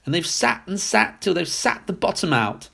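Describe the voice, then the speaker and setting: A man voicing a tiny shrill baby bear cub in a storybook reading, squeaky and high-pitched. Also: big pitch swings, normal speed, gravelly, bright, forceful tone, husky, full character voice. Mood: whiny.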